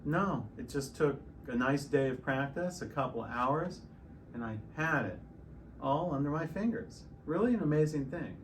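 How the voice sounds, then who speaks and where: A middle-aged man teaching piano in a relaxed, explanatory way, stopping and restarting often. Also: a little high, normal speed, a little hiss or hum. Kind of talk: casual piano tutorial. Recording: piano loud in the background.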